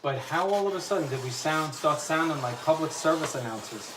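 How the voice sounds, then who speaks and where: Chatty male tradesman demoing wallpaper hanging; echoey room, steady noise behind. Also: a little high, brisk. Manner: chatty, joking asides to viewers; talks while working, drifts from the mic. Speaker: wallpaper installer. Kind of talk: hands-on how-to demonstration. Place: indoor room being wallpapered.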